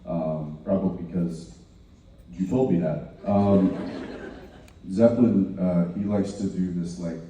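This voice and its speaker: A deep, mellow-voiced man talks onstage, halting and restarting, with a dry sense of humor. His voice booms around a huge hall and is caught from far off. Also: steady tone, a little hiss or hum. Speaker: convention panel guest. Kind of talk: casual storytelling on stage. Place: large convention hall, recorded from the audience. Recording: echoey hall audience recording from afar.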